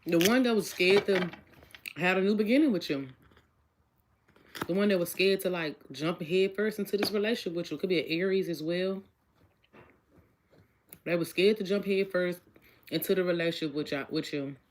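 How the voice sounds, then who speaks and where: A woman's voice: on the low side, moderate pace, long pauses, a little hiss or hum. A woman giving a casual tarot reading, chatty and repetitive, asking each question aloud and talking straight to her viewers. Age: adult with a child. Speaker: tarot reader.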